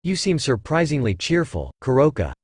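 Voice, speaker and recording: A man voicing a calm, detached young male fighter who speaks matter-of-factly. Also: medium pitch, moderate pace, husky, dry recording, studio quality. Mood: cool. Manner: cool, matter-of-fact.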